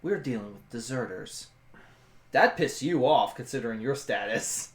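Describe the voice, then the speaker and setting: A man voicing a stern female soldier who speaks low, quiet and grave. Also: lively intonation, normal speed, echoey room, slight background noise, close to an everyday voice.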